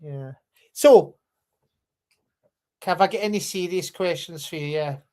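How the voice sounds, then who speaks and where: A man's voice: high voice, a little slow, warm tone. A middle-aged man speaking as a guest in a live-stream interview, hesitant and searching, often restarting his questions. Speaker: guest, company chief executive.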